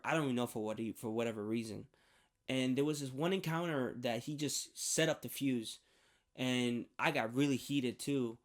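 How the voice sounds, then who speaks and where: Hesitant young man telling a personal story. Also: mid-range voice. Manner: rambling, hesitant, many restarts and fillers. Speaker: vlogger sharing a faith testimony.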